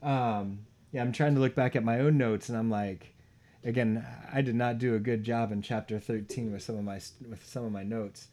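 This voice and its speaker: A man's voice: mid-range voice, fairly even intonation, moderate pace, dark tone. An easygoing man with an ordinary mid-range voice, chatting casually about scripture. When he reads passages aloud, he leans on them with emphasis. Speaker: podcast co-host reading scripture. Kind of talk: casual conversational Bible study.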